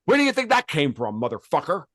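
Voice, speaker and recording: A man's voice: fairly high pitch, wildly swooping pitch, fast talker, fairly bright tone, no room sound, studio quality. A man hosting a podcast, from the United States, delivering a heated, profane rant full of repeated words and restarts. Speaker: podcast host.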